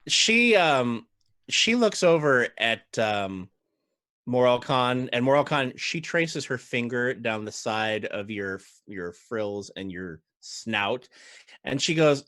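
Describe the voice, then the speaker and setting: A man serves as dungeon master, narrating scenes in an unhurried, friendly way. His voice is bright and forceful and sits at a middle pitch, and the sound is close and dry with no room echo. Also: animated. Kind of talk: narrating a tabletop game.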